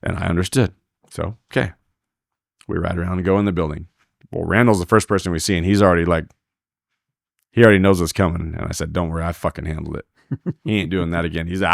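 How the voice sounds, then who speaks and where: Gravelly man telling a rowdy story. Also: low voice, fast talker, long pauses, dry recording, studio quality. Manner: animated, acts out quoted dialogue, swears freely. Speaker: podcast guest, team roper. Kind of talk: casual storytelling.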